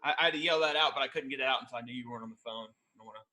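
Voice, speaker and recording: A man explaining sales calls in a lively, casual chat. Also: medium pitch. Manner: animated, explanatory, fast bursts.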